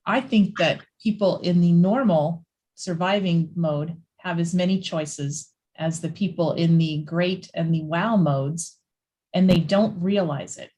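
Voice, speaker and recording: A woman on a call giving a measured, thoughtful opinion. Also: lowish voice, mellow, poor audio.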